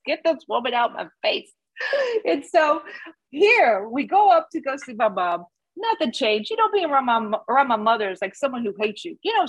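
A woman's voice: medium pitch, no echo, poor audio. A middle-aged woman sharing her personal recovery story with a support group, candid, laughing at her past. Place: Dallas.

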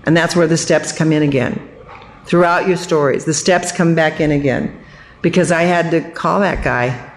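A woman's voice: low voice, fairly even intonation, moderate pace. An older woman gives a personal recovery testimony to a support group. She tells it with humor and animation, slipping into the voices of the people she quotes. A faint hum sits behind her voice. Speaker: recovery meeting speaker.

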